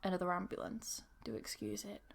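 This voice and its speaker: A woman's voice: mid-range voice, steady tone, a little fast, vocal fry. Chatty woman teacher hosting a podcast. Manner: chatty and informal, with laughs and asides. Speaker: English pronunciation teacher and podcast host. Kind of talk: casual solo podcast monologue.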